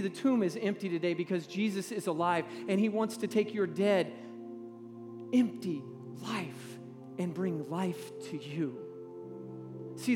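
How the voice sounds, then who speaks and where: A man in his forties preaching a sermon in a church, talking in a halting, conversational way with repeated words and drawing the audience to respond. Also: high voice. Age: 40s. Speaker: pastor. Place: large church hall. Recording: long reverb in a large hall.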